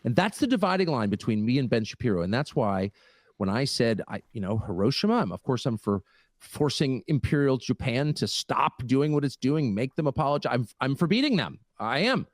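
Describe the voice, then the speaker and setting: Emphatic middle-aged man, lively pitch. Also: fairly quick, no room sound, clean studio sound. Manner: emphatic, moralizing. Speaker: political commentator in a played clip. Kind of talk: interview talk.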